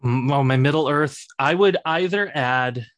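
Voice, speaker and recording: A man's voice: mid-range voice, moderate pace, fairly bright tone, no echo. A man hosting a podcast, chatting casually and joking with friends, laughing often. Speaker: podcast host. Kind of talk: casual chat.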